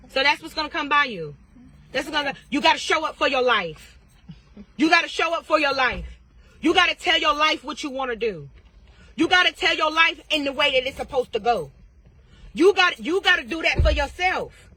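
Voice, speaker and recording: Blunt, high-voiced woman tarot reader. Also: animated, sharp tone. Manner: blunt, profane, rapid-fire questioning. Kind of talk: casual advice vlog.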